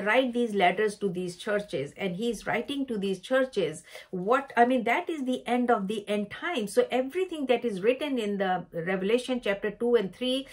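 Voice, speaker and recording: An earnest woman delivering a devotional message at a middling pitch for a woman. She speaks haltingly and often repeats key words for emphasis as she describes what she was shown. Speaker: Christian speaker sharing a vision.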